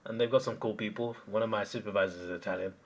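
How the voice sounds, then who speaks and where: A man's voice: fairly low pitch, fairly even intonation, fast talker, a little hiss or hum. A man hosting a live stream, chatting casually and answering chat comments as he rambles.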